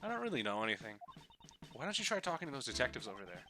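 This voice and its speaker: A man's voice: medium pitch, big pitch swings, rapid-fire, close to an everyday voice. A man voicing a teasing, flippant young woman while reading a video game aloud on a live stream. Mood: dismissive. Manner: mocking, flippant.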